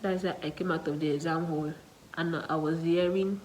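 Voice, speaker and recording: A young Nigerian woman, a student nurse, telling a story to her viewers in a casual, animated way, with local slang in her speech. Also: deep voice, moderate pace, a little hiss or hum, low-quality recording.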